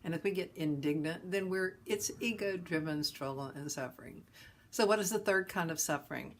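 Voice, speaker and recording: A woman hosting a talk on suffering, telling a parable in a gentle, folksy way. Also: on the low side, moderate pace, a little hiss or hum. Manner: gentle, folksy storyteller with chuckles. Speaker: host and teacher of a philosophy of ease.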